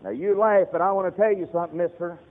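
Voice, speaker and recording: A man's voice: sits high, fairly even intonation, quick pace, long reverb tail. A man preaching a fiery sermon, telling stories and addressing his congregation directly. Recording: tinny radio broadcast.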